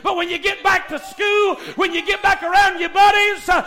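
A man preaching a sermon. He moves between folksy storytelling and impassioned, shouted exhortation. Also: very high-pitched, steady tone, normal speed.

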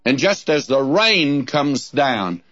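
A man's voice: medium pitch, very animated, takes it slowly, a bit bright. Folksy preacher man on old lo-fi tape. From Southern California. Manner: folksy, addresses listeners as friend; reads scripture in King James cadence. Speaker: radio Bible teacher. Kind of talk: taped radio Bible teaching. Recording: dull lo-fi tape recording.

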